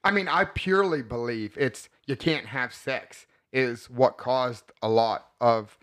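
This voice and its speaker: A man's voice: medium pitch, measured pace, fairly bright tone. A man hosting a casual podcast chat, crude and rambling, who laughs often. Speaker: podcast host.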